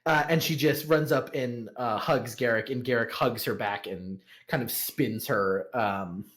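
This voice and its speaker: A man's voice: medium pitch, unhurried, a bit bright. A man narrating as game master of a tabletop role-play, casual and easygoing, with many fillers and laughs.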